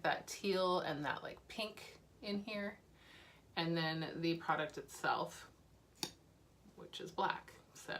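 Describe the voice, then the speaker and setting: A woman's voice: lowish voice, fairly bright tone, a little hiss or hum. A woman beauty vlogger talking casually and candidly about makeup she is using up, with fillers and small laughs. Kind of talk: casual chat.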